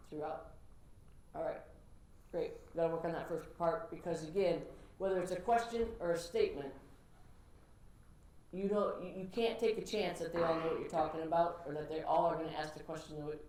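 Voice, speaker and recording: A woman instructor coaching students through their pitches, direct and encouraging in her feedback. Her voice sits on the low side for a woman. The classroom is echoey, with a light hum of noise behind her. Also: gravelly, darkish tone.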